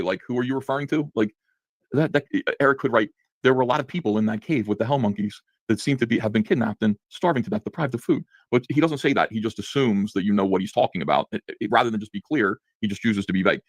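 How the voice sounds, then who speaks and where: A man giving a sarcastic, indignant comic book review with rapid-fire commentary. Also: lowish voice, dry recording.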